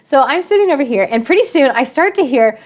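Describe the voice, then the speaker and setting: This teacher speaks in a high voice and talks fast as she recounts something that happened in class. She keeps it casual and lively, laughing frequently and imitating her students.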